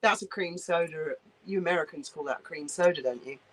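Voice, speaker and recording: A woman's voice: low voice, a little fast, fairly bright tone, rough recording. A woman in casual chat who talks bluntly, swears freely and mocks people. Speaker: co-host.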